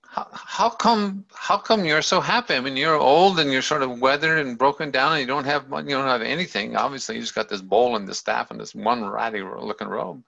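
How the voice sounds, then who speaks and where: A man voicing a sheltered young prince who asks halting, astonished questions, heard in a dull lo-fi recording. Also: medium pitch, steady tone, gravelly, bright, forceful tone. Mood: incredulous. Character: young sheltered male prince, wide-eyed and shaken.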